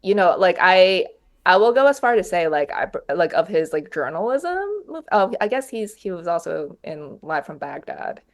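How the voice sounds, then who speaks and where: A woman, a podcast guest, chatting casually about a film in a loose, hesitant way, full of fillers and quick agreement. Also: lowish voice, lively intonation. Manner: hesitant, many fillers and restarts, with backchannel agreement.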